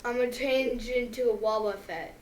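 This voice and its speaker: A woman's voice: a little high, fairly even intonation, normal speed, echoey room, distant mic, crowd noise. A woman playing a tabletop game, playful and giggly. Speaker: player.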